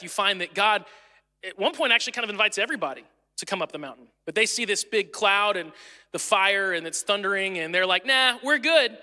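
Bright-voiced young man preaching in a hall. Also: high-pitched. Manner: casual, joking storyteller who acts out quotes. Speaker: pastor. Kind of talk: sermon. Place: church auditorium.

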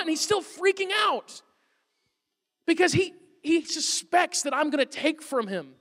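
A man in his thirties, a pastor preaching a sermon, telling a funny, animated story about his son. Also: very high voice, a little slow. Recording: long hall reverb.

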